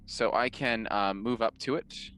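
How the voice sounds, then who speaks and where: A man playing a tabletop game over a video call, thinking aloud with many pauses and fillers. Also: fairly low pitch, pushed and bright, slight background noise. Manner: hesitant, many fillers while deciding. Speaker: player. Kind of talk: casual chat at a tabletop game.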